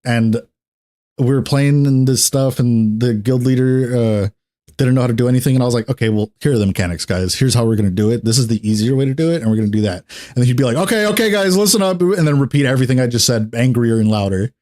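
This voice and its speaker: Blunt, animated man telling stories. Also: medium pitch, quick pace. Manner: animated storyteller who acts out what others said; blunt, swears casually. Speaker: streamer. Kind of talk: casual chat while gaming.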